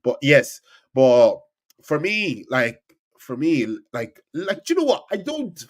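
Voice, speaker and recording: Animated young man, lively pitch. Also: slow. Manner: animated, stammering restarts, swings loud and soft. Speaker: podcast co-host. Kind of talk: casual football chat.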